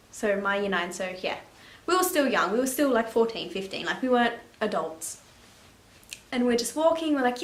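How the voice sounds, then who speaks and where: A young woman in her late teens telling a story to camera in a chatty, animated way, laughing and swearing casually. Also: fairly high pitch, reverberant. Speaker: vlogger. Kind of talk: story time chat.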